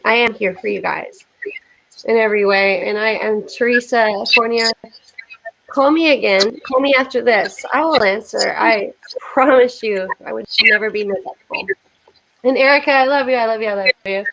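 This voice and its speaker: A woman's voice: a little high, normal speed, vocal fry, fairly bright tone, rough recording. A woman hosting a casual livestream chat, emotional and prayerful, blessing her viewers, with a cough. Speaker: livestream host.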